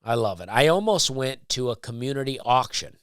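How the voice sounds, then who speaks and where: Comedian host, relaxed deadpan rambler, dry studio mic, mid-range voice. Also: male voice, mid-range voice, brisk, clean tone, dry recording. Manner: laid-back, rambling, deadpan repetition. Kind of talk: casual solo storytelling.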